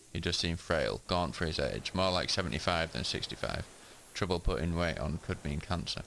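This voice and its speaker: Very deep-voiced man reading game text. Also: expressive, normal speed, vocal fry, hardly any pauses, a little hiss or hum. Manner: plain reading with fillers. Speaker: gaming video creator. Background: loud game music.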